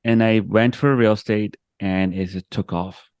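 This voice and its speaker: Heard as a guest on a video-call interview, a man speaks unhurriedly in a lowish, steady voice that is darkish, clear, and resonant, recorded dry. He relates a personal story with emotion, voicing other people's words and restarting frequently.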